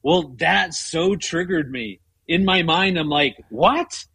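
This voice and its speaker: A man in his fifties, a guest telling a personal story with animated retellings and frequent stumbling restarts. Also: on the high side, measured pace, creaky, a little hiss or hum, rough recording. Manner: animated, retells his inner rants with rising voice; frequent repeated-word restarts. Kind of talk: storytelling in conversation.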